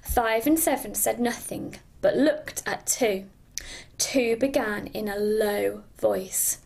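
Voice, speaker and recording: A woman's voice: a little high, slow, creaky. A middle-aged woman, a primary school teacher, reading a storybook aloud expressively. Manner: expressive, does character voices.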